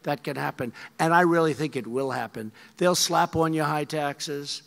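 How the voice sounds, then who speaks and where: A man's voice: a little high, normal speed, gravelly, fairly bright tone. A man in his seventies giving a rambling, emphatic speech to a crowd, repeating his phrases. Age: 70s. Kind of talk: rally speech. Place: large hall with an audience. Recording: long hall reverb with faint crowd.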